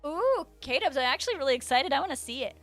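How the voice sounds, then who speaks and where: A woman's voice: sits high, very animated, fast talker, fairly bright tone, soft background music. A young woman streaming live, chatting casually and bubbly as she reads out her viewers' messages.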